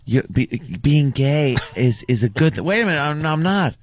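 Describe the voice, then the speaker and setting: A man's voice: fairly high pitch, animated, moderate pace, no room sound. A man co-hosting a comedy radio show, riffing on bits and laughing as he goes.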